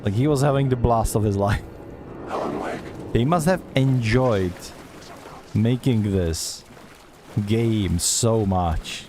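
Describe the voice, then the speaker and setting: A man's voice: lowish voice, takes it slowly, long pauses, noisy background. A man streaming a horror game, chatty and sarcastic, talking back at the game as he plays. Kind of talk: gameplay commentary.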